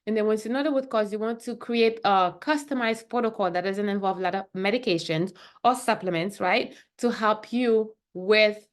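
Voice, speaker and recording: Woman doctor with a middle-pitched voice, talking casually to the camera in a chatty way and checking in with the listener. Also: normal speed. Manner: chatty, keeps asking "right?" and "okay?". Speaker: functional medicine doctor.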